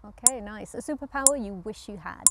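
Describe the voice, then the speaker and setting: A woman interviewing a guest, firing off brisk, upbeat questions. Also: medium pitch, background noise. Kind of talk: rapid-fire interview questions.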